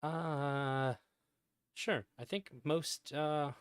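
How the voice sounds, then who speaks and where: A man's voice: fairly high pitch, steady tone, drawn-out words, clear, resonant tone, dry recording. Rambling male stream commentator, dry sound. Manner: rambling, many ums and restarts, laughs often. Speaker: stream reviewer. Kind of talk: casual commentary over a played clip.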